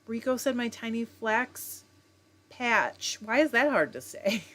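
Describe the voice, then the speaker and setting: A woman's voice: a little high, animated, slow, a bit bright. A middle-aged woman hosting a casual livestream from home, reading viewer comments aloud and greeting people by name in a chatty way. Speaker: livestream host reading chat. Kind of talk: casual chat.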